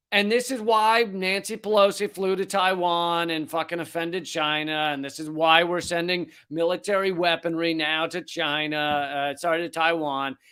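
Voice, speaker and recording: Sarcastic high-voiced male ranter. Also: sharp tone, clear, resonant tone. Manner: sarcastic and profane. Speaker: host. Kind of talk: comedic political rant.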